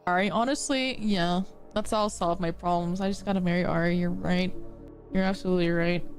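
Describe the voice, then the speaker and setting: A woman's voice: on the low side, fairly even intonation, brisk, faint music behind. A woman in her twenties, crying as she talks to her stream chat, self-deprecating and joking through tears. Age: 20s. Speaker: livestreamer. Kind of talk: emotional livestream talk to chat.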